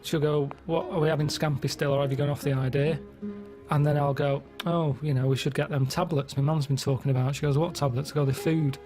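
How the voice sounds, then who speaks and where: Deadpan man, somewhat high voice. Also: a little fast, music in the background. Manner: deadpan, flat storytelling. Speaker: radio show regular. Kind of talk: casual chat. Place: radio studio.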